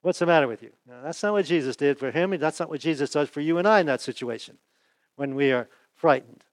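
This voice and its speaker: A male pastor preaches in a folksy, chatty style, tossing rhetorical questions to the congregation. His voice sits on the higher side for a man and sounds close and dry, with almost no room echo. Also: quick pace. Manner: asks the audience rhetorical questions; folksy, chuckles and restarts. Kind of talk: conversational sermon.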